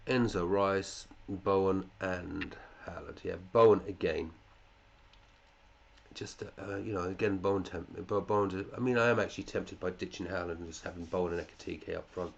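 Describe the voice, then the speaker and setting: A man's voice: low-pitched, fairly even intonation, moderate pace, gravelly, lo-fi sound, a little hiss or hum. A male fantasy football podcast host in casual chat, running through listeners' teams, chatty, with muttered asides and casual swearing.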